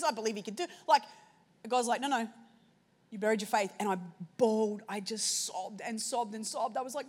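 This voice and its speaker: Aussie woman preaching, high voice, goes quiet then loud telling her story. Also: normal speed, breathy edge. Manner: personal storytelling, swinging between hushed and loud. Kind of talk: sermon.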